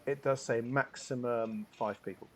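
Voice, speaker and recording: A man narrating a tabletop game as game master, describing scenes slowly with many fillers. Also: mid-range voice, fairly even intonation, a little mellow.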